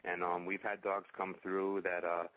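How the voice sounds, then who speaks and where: A man who rehabilitates dogs, chatting casually in a halting way, full of fillers and restarts. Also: deep voice, flat delivery, no echo. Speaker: dog rehabilitation trainer. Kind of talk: casual conversation. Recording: muffled lo-fi sound.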